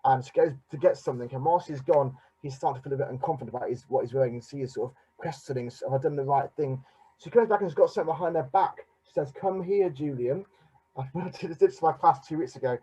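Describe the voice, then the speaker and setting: A man with an English accent, a teacher giving a presentation over a video call, reading picture books aloud in an animated way with many fillers. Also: fairly high pitch, racing, hardly any pauses, breathy edge, poor audio. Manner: animated storyteller with many "you know" and "uh" fillers.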